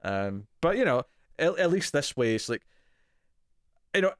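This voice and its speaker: A man's voice: a little high, sing-song, a little slow, clean tone, no echo, studio quality. A man co-hosting a TV review podcast in casual chat, talking loosely with lots of fillers and easy laughs.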